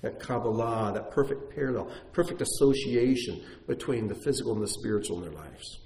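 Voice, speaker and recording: A man teaching a congregation in an animated, conversational sermon, with self-deprecating asides. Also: medium pitch, a little fast. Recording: echoey room, faint noise.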